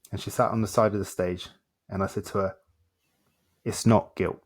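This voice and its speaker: Animated man telling stories. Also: on the low side, normal speed, pauses often. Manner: animated, acts out dialogue, talks in short repeated phrases. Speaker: self-development coach, guest. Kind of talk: conversational storytelling in a podcast interview.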